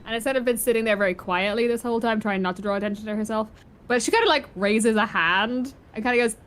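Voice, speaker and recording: A woman's voice: a little high, fast, fairly bright tone. A woman running a tabletop role-playing game, narrating the scene casually with plenty of fillers. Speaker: game master.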